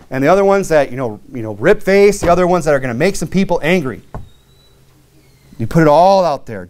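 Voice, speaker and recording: Man preaching, slightly higher voice, earnest, plainspoken, lots of fillers. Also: darkish tone. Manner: reads King James scripture aloud, rising in pitch on key verses. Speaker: pastor. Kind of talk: sermon.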